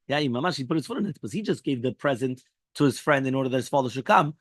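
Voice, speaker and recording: A male rabbi giving a daily Talmud lesson, animated and acting out the characters' lines as he explains. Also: mid-range voice, rapid-fire, no room sound, studio quality.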